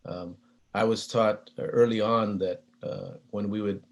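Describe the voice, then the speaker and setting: A man's voice: lowish voice, steady tone, unhurried. A man giving a keynote talk, telling stories in a humble, conversational way, with frequent fillers and restarts. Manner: hesitant, with many fillers and restarts. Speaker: keynote speaker.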